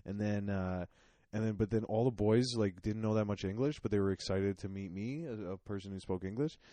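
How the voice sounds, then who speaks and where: A man's voice: fairly low pitch, brisk, warm tone, no room sound. A man co-hosting a casual comedy podcast, telling rambling stories and laughing often. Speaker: podcast co-host.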